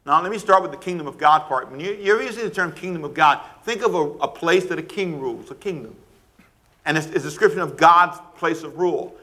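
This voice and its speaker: A man preaches with a fairly high, bright, forceful voice. He swings from soft asides to loud, rising questions, laughs now and then, and acts out parents' scolding. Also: brisk. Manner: preaching with wide swings of pitch and loudness, rhetorical questions; laughs between points, acts out quoted scolding. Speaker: pastor. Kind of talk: sermon.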